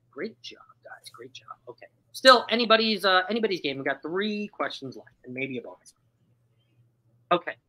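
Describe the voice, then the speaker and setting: Woman, live stream host, casual chat, very animated pitch, chatty and upbeat, laughs a lot. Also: low-quality recording. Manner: chatty, upbeat, laughs often while reading chat replies. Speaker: livestream host running a trivia game.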